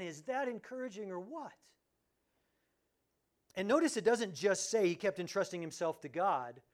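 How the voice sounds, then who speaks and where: A man preaching a sermon as pastor, animated, swinging between loud exclamations and hushed, quiet lines, and acting out quoted voices. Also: sits high.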